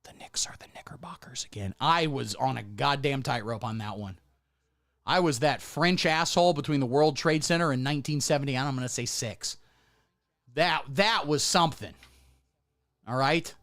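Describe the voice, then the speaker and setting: A man hosting a comedy livestream, ranting sarcastically and crudely in a mock-pundit persona, lurching between loud outbursts and muttered asides. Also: mid-range voice, normal speed. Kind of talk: satirical political comedy rant. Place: indoor room under hot studio lights.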